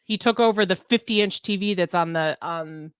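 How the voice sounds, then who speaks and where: A woman co-hosting a casual live-stream chat, chatty and quickly losing her train of thought. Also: fairly low pitch, smooth, no echo, clean studio sound. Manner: chatty, easily sidetracked, laughing. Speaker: co-host.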